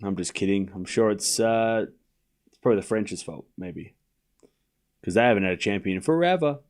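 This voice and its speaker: A man's voice: lowish voice, animated, normal speed, a little mellow. A young Australian man streaming a tennis watchalong, calling scores and bantering with chat in a joking, sarcastic way. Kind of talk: live watchalong commentary and chat.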